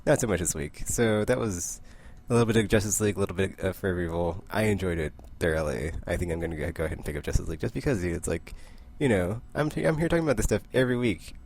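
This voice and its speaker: A young man chatting casually about the comics he picked up this week, rambling with asides and short laughs and acting out the characters in quick voices. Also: sits low, vocal fry, darkish tone. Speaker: comic book vlogger. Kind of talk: casual comic book review.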